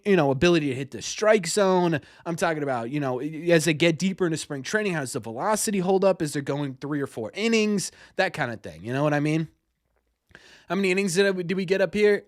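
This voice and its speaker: His voice sits on the high side: a young sports podcast host running an informal sports live stream. He works through viewers' questions in a rambling way, frequently stumbling and repeating himself, in studio quality with no room sound.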